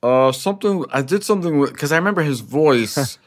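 A man's voice: on the high side, expressive, fairly quick. A man appearing as a comedian guest on a podcast, talking casually, hesitating and trailing off as he searches for words. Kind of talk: casual conversational interview.

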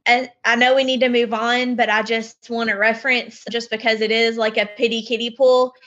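A woman's voice: a little high, level tone, normal speed, fairly bright tone. Affirming woman on dull, muffled audio. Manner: affirming, reflective. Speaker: podcast co-host. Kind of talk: casual podcast chat.

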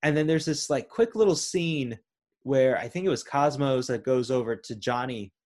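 A man's voice: mid-range voice, normal speed, a little mellow. A man co-hosting a casual movie chat, earnestly retelling scenes, with lots of ums and likes. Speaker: podcast co-host.

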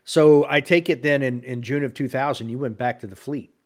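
A male podcast host with a mid-pitched voice keeps a casual interview moving. He asks brief follow-up questions and reacts with short remarks. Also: steady tone, fairly quick.

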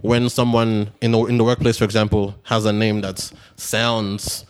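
Easygoing low-voiced man. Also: level tone, moderate pace, smooth. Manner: easygoing, laughs, calls people bro. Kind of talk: casual conversation.

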